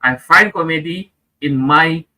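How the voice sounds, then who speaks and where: High, bright-voiced self-deprecating comedian man. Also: unhurried, low-quality recording. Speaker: comedian guest. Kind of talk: comic storytelling.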